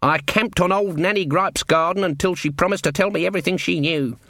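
A man's voice: high-pitched, brisk, pushed and bright, dry recording, clean studio sound, voice pushed up. Man doing a stern old witch woman. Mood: distant.

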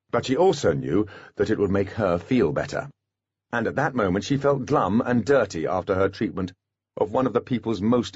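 A man narrating an audiobook in a scripted, expressive storytelling manner. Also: on the low side, slightly rough, no echo, muffled recording.

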